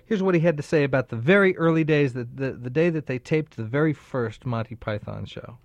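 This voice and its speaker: A man hosts an interview and introduces each clip in a plain, measured way. He sounds close and dry, with no room echo. The recording is slightly muffled. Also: mid-range voice. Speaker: interview host. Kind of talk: radio-style introductions.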